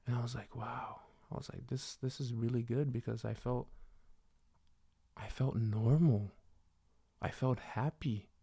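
Soft-spoken young man, rambling testimony. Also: medium pitch, fairly even intonation, unhurried, creaky, long pauses, breathy edge, dry recording, studio quality. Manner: rambling, full of "you know" and "like". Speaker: vlogger sharing a faith testimony. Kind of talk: casual personal testimony.

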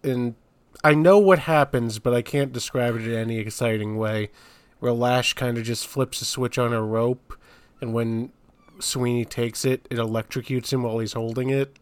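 A man co-hosting a podcast, discussing a movie in casual chat with deadpan, dry jokes. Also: mid-range voice, moderate pace, smooth, no echo. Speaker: podcast co-host.

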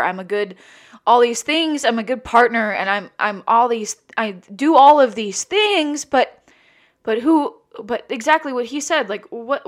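A woman hosts a solo podcast in an emotional, rambling monologue, tearful with her voice breaking. She restarts often and swears casually, her voice fairly high and a bit bright.

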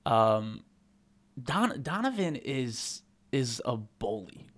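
A young man co-hosting a casual sports podcast, talking in an animated, rambling way with jokes and swearing. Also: medium pitch, takes it slowly. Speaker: podcast co-host.

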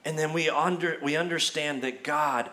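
A man's voice: fairly even intonation, moderate pace, sharp tone. A man preaching a sermon as pastor at a church service, talking in a conversational way with frequent restarts, and acting out the people he quotes. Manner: acts out quoted voices with rising pitch.

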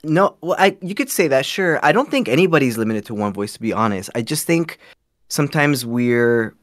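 A man's voice: medium pitch, big pitch swings, moderate pace, no echo, clean studio sound. A man from Canada, a podcast guest, talking in a laid-back, rambling, self-deprecating way. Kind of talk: casual podcast chat.

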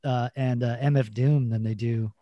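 A man's voice: mid-range voice, fairly even intonation, normal speed, dry recording, dull audio. A man co-hosting a podcast in casual chat, laid-back, swearing and laughing as he tells stories, full of "like" and "you know". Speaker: podcast co-host.

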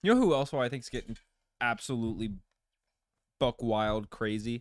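A young man hosting a podcast, telling stories in a lively, casual way and laughing easily. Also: medium pitch, moderate pace, clear, resonant tone, no echo. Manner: animated storyteller, laughs easily. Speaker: podcast host. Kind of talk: casual chat.

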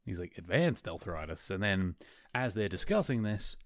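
A man's voice: low voice, sing-song, moderate pace, no room sound, clean studio sound. A man hosting a podcast, casually retelling a TV episode and slipping into quoted lines from the characters. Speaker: podcast host.

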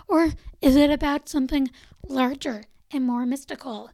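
A woman's voice: high voice, darkish tone, dry recording, poor audio. A woman podcast host reading a poem aloud with dramatic flair, then giving a chatty, upbeat sign-off. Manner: dramatic recitation, dropping to whispers on some lines. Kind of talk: poetry reading and podcast outro.

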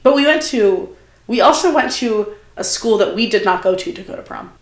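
A woman's voice: medium pitch, normal speed. Chatty young woman in a roomy space. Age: young adult. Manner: animated, chatty, many fillers and quoted asides. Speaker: podcast guest. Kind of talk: casual storytelling chat. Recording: roomy echo.

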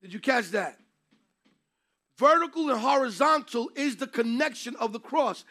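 A man's voice: extremely high pitch, lively intonation, normal speed, bright, forceful tone. A man teaching a Bible class, speaking emphatically and taking questions from his students.

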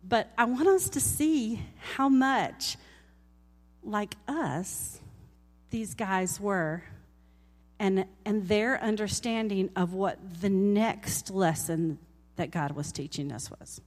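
A woman giving a casual, conversational Bible lesson and reading scripture aloud with animated emphasis. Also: medium pitch, slow pace. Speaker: Bible teacher. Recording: long hall reverb.

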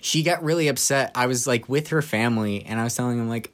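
A man's voice: mid-range voice, fast talker, hardly any pauses. Young guy, chatty podcast host, laughs through grim family anecdotes, does voices for quotes. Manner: laughs through dark childhood stories, quotes people in voices. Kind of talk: casual storytelling chat.

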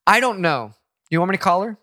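Wry American man with a bright voice. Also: sits high, animated, fast, dry recording, clean studio sound. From United States. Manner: laid-back, wry, pop-culture talk. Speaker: podcast co-host. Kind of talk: casual chat.

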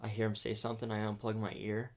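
A man telling a hunting story in a casual chat, animated and laughing, full of "dude" and "like". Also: on the low side, fast talker. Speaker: podcast host.

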